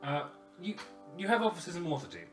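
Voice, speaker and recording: Male player, animated pitch, stammery, echoey far mic. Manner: quick, stammering restarts. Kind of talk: tabletop game role-play. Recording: roomy distant mic with faint music.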